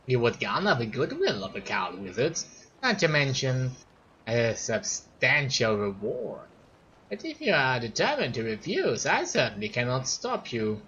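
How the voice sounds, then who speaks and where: A man voicing a smooth, sly older wizard lord in a fantasy game, speaking in a coaxing, ingratiating way. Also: mid-range voice, huge pitch swings, a little slow, pushed and bright, lo-fi sound, slight background noise, exaggerated voice.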